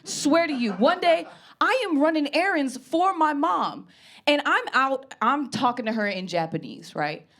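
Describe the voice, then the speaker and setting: A woman comedian telling stories in a brash, animated stand-up set. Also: high-pitched, a little slow.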